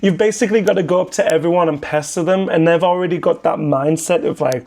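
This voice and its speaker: A man's voice: a little high, quick pace, hardly any pauses, darkish tone. A young man from England with a British accent, chatting casually and jokingly as he reacts to a documentary and explains slang for viewers abroad. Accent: British English. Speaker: YouTube commentator.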